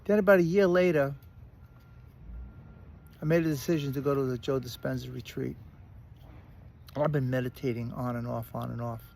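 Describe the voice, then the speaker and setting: A man with a Brooklyn accent telling a personal story in a casual, animated way, often restarting and repeating words. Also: mid-range voice, moderate pace, creaky, pauses often, slight background noise. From Brooklyn, New York. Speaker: recovery speaker.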